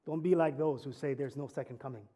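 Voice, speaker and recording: A man's voice: medium pitch, fast, warm tone, slightly rough. A man, a pastor, preaching a sermon earnestly, building to emphatic climaxes and telling stories with light humor. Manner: conversational storytelling with humor.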